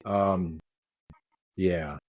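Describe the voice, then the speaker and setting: A man's voice: low-pitched, steady tone, drawn-out words, a little mellow, no echo. A man in his forties hosting a podcast, telling rambling stories in a joking, casual way. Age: 40s. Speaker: podcast host. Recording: dry, dull lo-fi sound.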